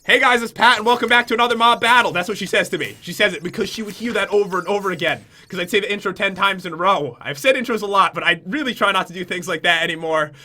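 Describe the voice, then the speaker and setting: A man's voice: high voice, fast talker, few pauses, bright, forceful tone. A young man from Connecticut chatting to his viewers in a self-mocking YouTube vlog. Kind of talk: casual vlog confession.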